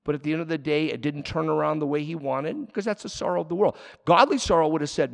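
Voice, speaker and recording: A man preaching a sermon as a pastor, animated, swinging between loud emphasis and quiet asides. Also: on the high side, fast talker, vocal fry, hardly any pauses. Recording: long hall reverb.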